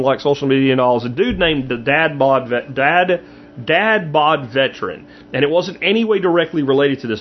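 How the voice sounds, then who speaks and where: A man's voice: on the high side, dull audio. A man hosting his own show, giving a blunt, emphatic commentary monologue straight to his listeners. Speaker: show host.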